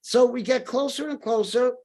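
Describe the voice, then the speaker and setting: A man's voice: very high voice, normal speed, darkish tone. An older man telling his life story as a podcast guest, acting out the voices of the people he quotes.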